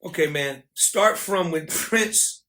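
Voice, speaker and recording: High bright guy hosting, jumps in all eager. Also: takes it slowly. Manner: eager, interrupting.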